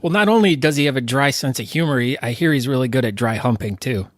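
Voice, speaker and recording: A man hosting a podcast, chatting casually with deadpan jokes. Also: medium pitch, fast talker, dry recording, clean studio sound. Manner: deadpan joking. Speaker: podcast host. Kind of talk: casual chat.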